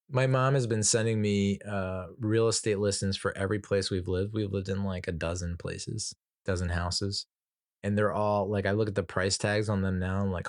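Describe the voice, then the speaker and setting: A man's voice: on the low side, fairly quick, no room sound, studio quality. Man rambling through a casual movie review. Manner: rambling, profane, lots of fillers and restarts; laughs at his own jokes. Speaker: movie reviewer, podcast host.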